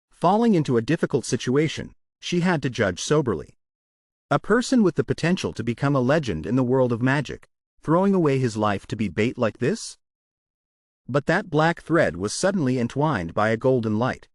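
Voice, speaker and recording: A man narrating a comic story recap in scripted, even, matter-of-fact storytelling. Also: mid-range voice, normal speed, no room sound, clean studio sound.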